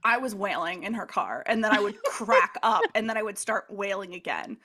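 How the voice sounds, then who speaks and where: A young woman co-hosting a podcast, chatting casually and telling animated, profanity-laced stories, breaking into loud laughter. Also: medium pitch, normal speed, slightly rough. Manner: animated storytelling, swears freely, laughs loudly. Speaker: podcast co-host. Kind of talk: casual chat.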